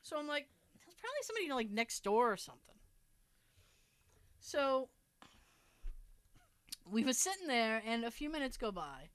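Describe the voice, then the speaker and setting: Lively high-voiced woman telling a story. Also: unhurried, pauses often, dry recording. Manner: animated, swears freely, acts out voices in her story. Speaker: podcast host telling a story. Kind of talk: casual chat, storytelling.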